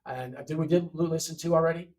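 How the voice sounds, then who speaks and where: A man leads an English lesson and works through words one at a time, repeating each for his learners. His voice sits fairly high for a man, and he keeps checking in with a quick "okay?". He sounds a step away from the microphone. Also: steady tone, mellow, far from the mic. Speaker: English teacher. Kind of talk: classroom lesson walkthrough.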